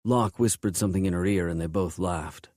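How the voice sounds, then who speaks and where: A man narrating a first-person romance audiobook in a low, intense, measured way. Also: darkish tone, no echo, studio quality.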